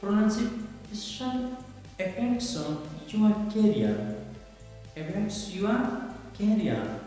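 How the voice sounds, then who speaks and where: A man teaching English pronunciation in an online lesson, speaking haltingly and repeating his phrases with frequent pauses. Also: high voice, sing-song, warm tone. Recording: very echoey room with long reverb and faint music.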